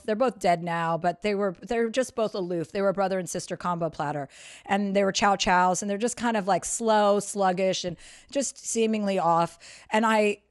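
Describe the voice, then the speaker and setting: A woman's voice: medium pitch, clean tone. A woman telling a funny personal story as a podcast guest, frank and crude with self-mocking asides. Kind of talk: storytelling anecdote.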